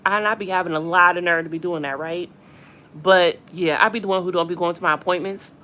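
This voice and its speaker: A woman hosting a casual gossip livestream from a hospital room, chatty and animated, often addressing her viewers directly. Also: on the low side, a little fast. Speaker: gossip channel host.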